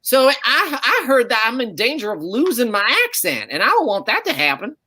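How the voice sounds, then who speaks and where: A man voicing an excitable young newcomer. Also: very high-pitched, moderate pace, voice pushed up, heavily acted. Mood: eager. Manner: excitable, giggly.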